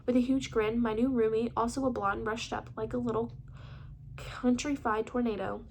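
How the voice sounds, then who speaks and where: A woman's voice: on the high side, level tone, moderate pace, a little mellow, slight background noise. A woman hosting her channel, reading a novel aloud with small slips and restarts. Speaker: book reader, channel host. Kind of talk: casual audiobook reading.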